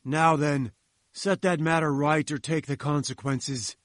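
A hot-tempered bearded male professor who orders people about in a pompous, commanding way, as a man reads him. His voice is raised and pitched high. The recording is dry. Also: fairly even intonation, a little slow, dry recording, lightly acted.

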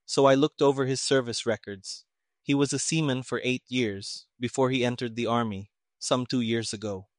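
A quiet, measured detective lays out his reasoning in precise, even words, as a male reader voices him. The sound is dry and close, with no room around it. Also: medium pitch, no room sound, close to an everyday voice. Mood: calm. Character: calm, shrewd male detective.

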